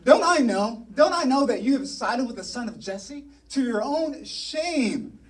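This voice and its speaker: A ranting, jealous king shouts accusations at his family, as a man preaching puts him on. The voice sits fairly high and sounds a little distant from the mic. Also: very animated, quick pace. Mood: furious. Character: angry jealous middle-aged king.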